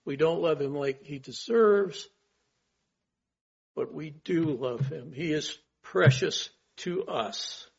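The pastor's voice sits on the high side and is slightly husky as he preaches earnestly at an unhurried, deliberate pace. He asks rhetorical questions and raises his volume on key phrases. Audio quality is a bit dull and lo-fi.

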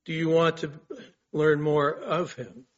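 A man delivers a sermon at an unhurried, deliberate pace, his voice slightly husky. He builds through rhetorical questions and lifts his volume on key phrases. The recording is a bit dull and lo-fi. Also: a little high, steady tone. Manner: earnest, asks rhetorical questions, swells in emphasis. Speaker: pastor.

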